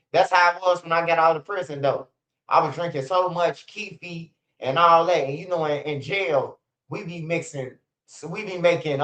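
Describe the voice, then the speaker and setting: A man's voice: on the high side, a bit bright. A man in his forties telling rambling, profane stories on a livestream, with many restarts and laughs. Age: 40s. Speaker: channel host. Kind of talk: casual livestream storytelling. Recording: roomy, dull lo-fi stream audio.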